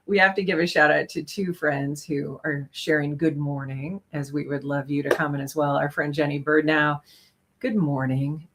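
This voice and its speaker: A woman's voice: sits low, steady tone, moderate pace, fairly bright tone, a little hiss or hum. A woman co-hosting a chat show, speaking thoughtfully and laughing often. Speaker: podcast co-host. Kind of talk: casual chat.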